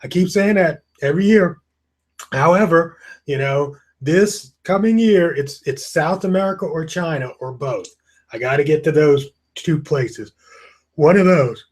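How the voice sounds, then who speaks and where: A man's voice: a little high, unhurried. Man, casual live webinar host, rambling, tired, yawning, webcam audio. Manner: chatty, rambling, greets viewers by name. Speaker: online course host. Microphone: webcam with screen beside it.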